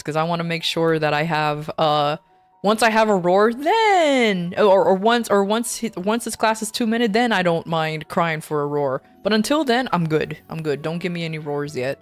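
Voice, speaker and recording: Animated woman streamer, lively pitch. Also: no room sound. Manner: animated, rambling, exasperated ranting. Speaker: VTuber streamer. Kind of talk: casual gaming stream chat.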